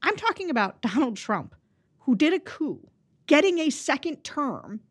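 Animated woman podcast co-host. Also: sits high. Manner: animated, quick, self-interrupting. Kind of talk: casual political chat.

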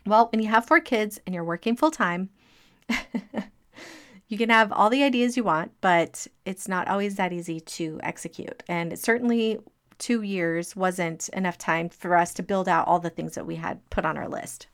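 A middle-aged woman telling a personal story as a motivational talk, lively and laughing as she acts out what people said. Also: medium pitch, normal speed. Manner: animated, acting out quoted speech, laughing between lines.

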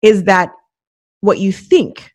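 A middle-aged woman talking as a podcast host and coach, giving a lively motivational monologue and acting out the voices she quotes. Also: medium pitch, takes it slowly, dry recording. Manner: animated, acts out inner voices and quotes.

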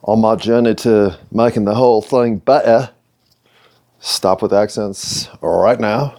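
This middle-aged American man has a lowish, steady, slightly mellow voice and takes his time. In his own video series he speaks earnestly and reflectively to the camera, with some playful asides mixed in.

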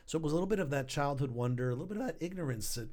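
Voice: medium pitch, lively intonation, racing, a little mellow. A podcast host chatting casually, telling stories and affirming the guest.

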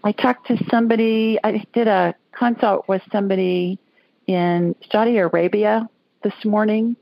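A woman's voice: medium pitch, fairly even intonation, moderate pace, vocal fry, no room sound. A woman from Alabama, hosting a call-in radio show in a folksy, chatty way. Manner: chatty, folksy, laughs often. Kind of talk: casual call-in radio chat. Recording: dull lo-fi audio.

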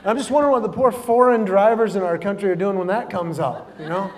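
A middle-aged man performing animated stand-up comedy, breaking into shouted, acted-out quotes. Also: high voice, fast. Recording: live hall with long reverb, faint noise.

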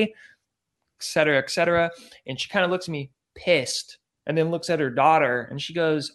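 A man, a podcast guest, casually telling an animated story and acting out the dialogue, peppered with "like" and "I go". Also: on the high side, brisk. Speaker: podcast guest, former celebrity news field producer.

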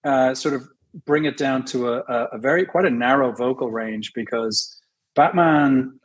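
In a casual interview, a middle-aged actor from Ireland talks as a guest, laughing easily and illustrating his points with examples. He has an Irish accent with a slight London and American mix, and a mid-range, breathy voice at a moderate pace.

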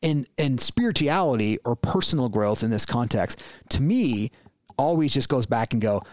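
A man co-hosting a podcast, talking in a casual, reflective and animated way and often restarting his words. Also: medium pitch, normal speed, dry recording. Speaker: podcast co-host.

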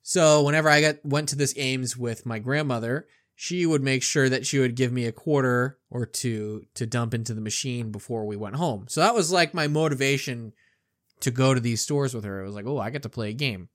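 A middle-aged man co-hosting a podcast, telling a childhood story in a casual, animated way and acting out the quotes. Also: mid-range voice, normal speed. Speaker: podcast co-host.

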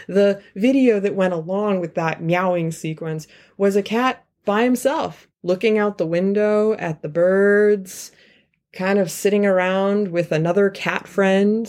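A woman giving a pre-recorded inspirational talk in a lively, playful way, her pitch swooping up for emphasis. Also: measured pace. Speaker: featured speaker.

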